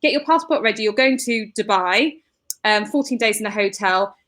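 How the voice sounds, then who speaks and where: A middle-aged woman co-hosting a comedy podcast live, telling a story in an animated way, laughing and acting out the people in it. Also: medium pitch, moderate pace. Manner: animated, laughing, acts out the people in her stories.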